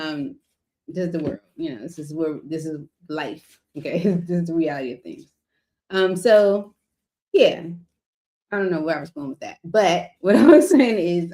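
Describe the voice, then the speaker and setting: A woman's voice: low voice, darkish tone. A middle-aged woman giving a casual tarot reading, chatty and rambling with lots of fillers. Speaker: tarot reader.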